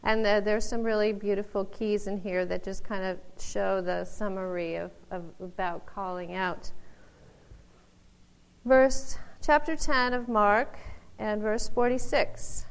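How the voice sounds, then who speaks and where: A woman teaching from the Bible in an informal talk, laughing often and acting out the people she quotes in loud voices. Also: medium pitch, fairly even intonation, unhurried, clean tone, poor audio.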